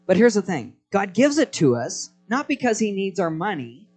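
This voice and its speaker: A man's voice: high-pitched, very animated, normal speed, darkish tone, faint music behind. A man preaching a live sermon to a congregation, telling stories with energy and prompting the crowd to respond. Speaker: pastor.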